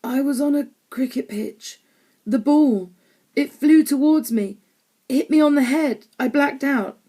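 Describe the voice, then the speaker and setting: A woman's voice: sits high, a little slow, warm tone, pitched above the performer's own voice. A woman reading an audiobook, voicing a dazed young boy muttering in confusion.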